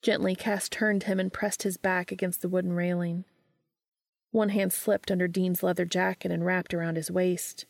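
A woman reads a story aloud in a steady, measured voice. Her tone is low and gravelly, and the recording is dry and close. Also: no echo. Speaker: narrator.

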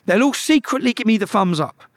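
High-voiced man telling blunt stories. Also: animated, fairly quick. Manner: blunt, heavy swearing, many restarts. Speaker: guest. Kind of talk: casual storytelling.

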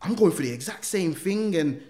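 A man's voice: on the high side, lively intonation, moderate pace, mellow, voice pushed up, close to an everyday voice. A man doing an eager troubled schoolboy.

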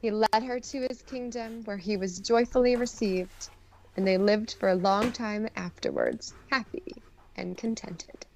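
A woman podcast co-host reading a fairy tale aloud and chatting, animated and teasing. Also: medium pitch, a little slow, a little hiss or hum. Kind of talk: casual chat and storybook narration.

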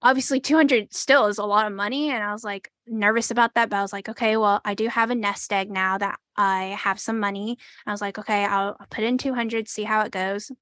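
Bright, hesitant young woman storyteller. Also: mid-range voice, steady tone, fairly quick, hardly any pauses, no room sound. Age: 20s. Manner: hesitant, fills with "like" and acts out quoted dialogue. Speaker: interviewee. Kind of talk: conversational storytelling.

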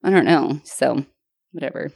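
Low and creaky, her voice moves at a moderate pace as she, a thirty-something podcast co-host, launches into an animated bar story. The talk is casual, heavy on "like," with some swearing. It's a dry, clean studio recording.

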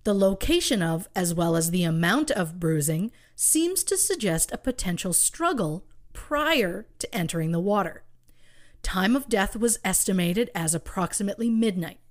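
A woman's voice: mid-range voice, animated, normal speed. A woman co-hosting a true crime podcast, telling the case with rhetorical questions and wry asides. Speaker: podcast co-host.

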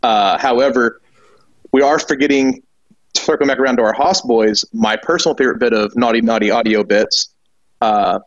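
A man's voice: mid-range voice, moderate pace, dry recording, lo-fi sound. A man co-hosting a casual podcast who makes his points with dry, wry humor. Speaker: podcast co-host.

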